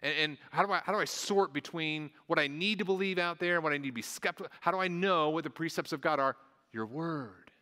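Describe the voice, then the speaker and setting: A man's voice: fairly high pitch, brisk, bright, forceful tone, in a large hall. A man preaching a sermon in a conversational way, stumbling over restarts and adding small asides. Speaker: pastor.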